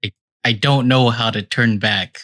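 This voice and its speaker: A man's voice: medium pitch, measured pace, a bit bright, no room sound, clean studio sound, natural voice. A man playing a disoriented warden in a tabletop game, stammering and asking repeated questions. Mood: confused. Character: confused, disoriented adult male warden. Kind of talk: tabletop role-play.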